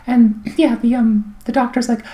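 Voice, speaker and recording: A middle-aged woman giving a casual, rambling personal update full of fillers and wry asides, her throat clogged so she keeps clearing it. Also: a little high, fairly even intonation, moderate pace, warm tone. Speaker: vlogger.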